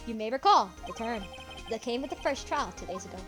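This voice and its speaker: A woman voicing a confident young male defense lawyer from a courtroom game, speaking in a measured, pressing way. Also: fairly high pitch, lively intonation, music in the background, lightly acted. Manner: measured, building to triumphant.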